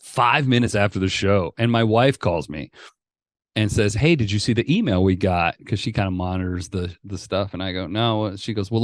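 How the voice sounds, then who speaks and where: A middle-aged man with a low voice tells stories in a loose, animated way, swearing freely as a comedian guest. His voice is recorded dry and close, with no room sound around it. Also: dry recording. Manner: profane, animated storyteller. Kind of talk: casual interview chat.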